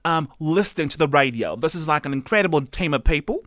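A rambling, folksy TV advice doctor holds forth with playful self-assurance, put on by a man on breakfast radio. The voice is bright and lively, rising and falling freely, slightly raised in pitch. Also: fast talker, no room sound. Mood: mock-serious. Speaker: radio co-host. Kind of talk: comedic impression on breakfast radio.

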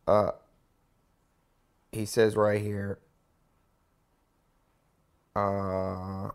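Male host, lowish voice, emphatic, casual book talk with lots of restarts. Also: monotone, drawn-out words, clean tone. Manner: emphatic, stresses key words, restarts often. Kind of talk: casual spoken commentary.

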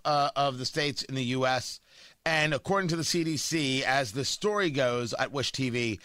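A middle-aged man holds forth on talk radio in a brash, emphatic monologue, tossing in jokes along the way. His voice sits high and sounds bright and punchy. It comes through a studio mic with a dry, close sound. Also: no room sound. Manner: brash, emphatic, joking asides.

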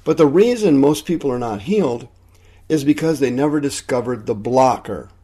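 A man's voice: mid-range voice, lively intonation, moderate pace, dark tone, husky. A man preaching a radio sermon, teaching with emphatic repetition. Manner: emphatic, repeats key points.

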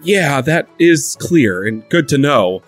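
A man's voice: on the high side, expressive, takes it slowly, soft background music. A man voicing a nervous young interviewer in a comedic audio drama, polite and prone to stammering. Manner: polite, stammering, easily rattled. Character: nervous young male interviewer of magical folk.

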